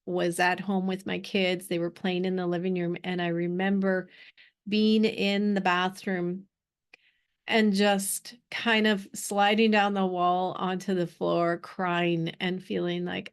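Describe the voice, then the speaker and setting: A middle-aged woman hosting a spiritual art workshop, telling a personal story in a slow, heartfelt way with long pauses. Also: lowish voice, flat delivery, clear, resonant tone.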